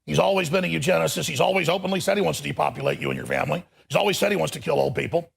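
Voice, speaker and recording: A middle-aged man hosting a live show, ranting angrily in a gravelly, raspy voice. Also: fairly high pitch, very fast. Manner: angry, shouting rant. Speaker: talk show host.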